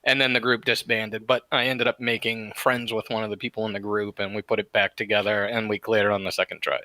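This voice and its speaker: Bright-voiced man telling a rambling anecdote. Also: fairly low pitch, little pitch movement, fast talker, no echo, rough recording. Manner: rambling anecdote with casual swearing. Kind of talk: casual podcast chat.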